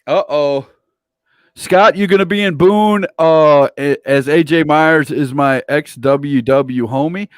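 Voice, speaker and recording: A man's voice: a little high, slow, no echo, clean studio sound. A man hosting a casual livestream interview, playful and teasing as he reads viewer comments aloud. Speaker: interview host.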